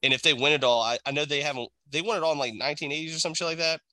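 A man's voice: on the high side, rapid-fire, bright, forceful tone, dry recording. A man co-hosting a podcast, chatting loosely about sports with plenty of swearing. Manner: loose, profane, thinks aloud. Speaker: podcast co-host. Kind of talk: casual sports chat.

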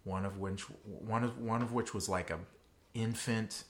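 Low-voiced man recounting a trip. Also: fairly even intonation, a little slow. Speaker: podcast co-host. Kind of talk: casual storytelling.

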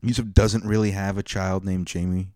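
A man with a deep, low voice trades loose, rambling jokes on a podcast, often poking fun at himself. He is close to a studio mic in a dry, dead room. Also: level tone, normal speed, dark tone, dry recording. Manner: rambling, joking, self-deprecating. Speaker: podcast co-host. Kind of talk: casual podcast banter.

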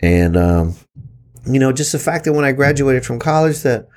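A man in his thirties with a low voice, casually telling stories on a podcast, easygoing, swearing and laughing often. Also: expressive, normal speed, darkish tone. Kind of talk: casual storytelling.

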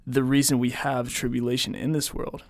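A man's voice: mid-range voice, little pitch movement, moderate pace, no room sound, clean studio sound. A man hosting a casual faith podcast, reflecting and thinking aloud.

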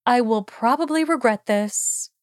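A woman voicing a strict older headmistress who speaks in a measured, wise and firm way, in an audiobook reading of fan fiction. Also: a little high, no echo, studio quality, voice pushed up, lightly acted. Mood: weary.

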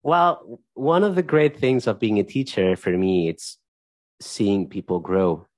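A low-pitched man talks as a guest on an interview podcast. He is thoughtful and pauses to find his words, and his voice sounds close and dry with no room sound. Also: a little mellow, no room sound. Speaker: podcast guest, tech executive and dance teacher. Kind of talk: casual conversational interview.

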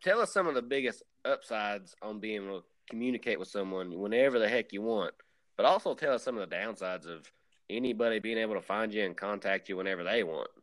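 A man's voice: fairly low pitch, lively intonation, fast, a bit bright, low-quality recording. A man hosting a comedy podcast who puts plain, dry questions to his guest. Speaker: podcast host.

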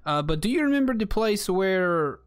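A man's voice: high-pitched, sing-song, moderate pace, clean tone, no echo, studio quality, pitched above the performer's own voice. A man voicing a nervous but hospitable male villager who stumbles over his words.

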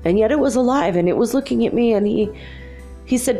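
A woman in her fifties, telling a childhood story in an animated, confiding way. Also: a little high, a little fast, faint music behind. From Los Angeles, USA. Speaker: spiritual speaker. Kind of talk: storytelling monologue.

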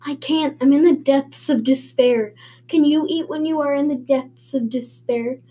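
A woman's voice: sits high, unhurried, dark tone. A woman voicing an eager, talkative eleven-year-old orphan girl who speaks in a dreamy, earnest, wordy way.

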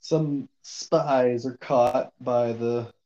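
A man's voice: mid-range voice, fairly even intonation, drawn-out words, mellow, muffled recording. A man casually recapping a novel on a podcast, rambling with lots of fillers and the odd swear. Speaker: podcast co-host recapping a book. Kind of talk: casual book discussion.

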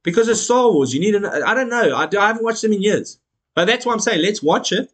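A man's voice: sits high, animated, quick pace, fairly bright tone. A man hosting a podcast in casual chat, emphatic and blunt, who swears and laughs often. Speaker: podcast host.

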